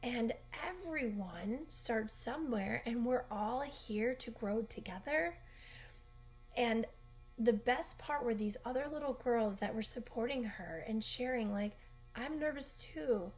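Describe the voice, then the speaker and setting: A woman's voice: a little high, unhurried, soft background music. A woman coach telling a heartfelt story in a casual, rambling way, often correcting herself, recorded in her bedroom. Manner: earnest, rambling, with frequent self-corrections. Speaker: gymnastics coach and gym owner.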